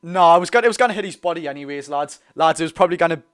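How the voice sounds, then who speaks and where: A young man with a Geordie accent hosting a live football watch-along, chatty and excitable, bursting into loud reactions. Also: a little high, rapid-fire, clean tone. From North East England. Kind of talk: live fan commentary.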